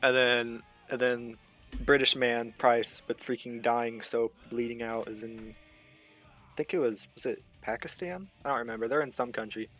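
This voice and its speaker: A man's voice: medium pitch, steady tone, moderate pace, fairly bright tone, faint music behind. A young man casually recapping game lore, rambling and slangy with a joking edge. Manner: rambling, loose slangy storytelling with fillers. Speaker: host explaining game lore.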